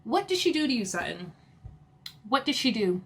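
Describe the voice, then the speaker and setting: A woman's voice: fairly high pitch, normal speed. Chatty woman recapping reality TV. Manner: animated retelling, quoting others with laughs and asides. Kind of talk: casual episode recap.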